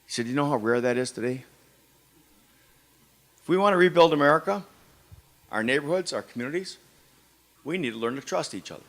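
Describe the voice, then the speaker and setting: An older man tells a story at a meeting in a bright, forceful voice that sits a little high. He acts out the voices of the people in his tale with plenty of life. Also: expressive, fairly quick, pauses often. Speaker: event speaker. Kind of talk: storytelling speech.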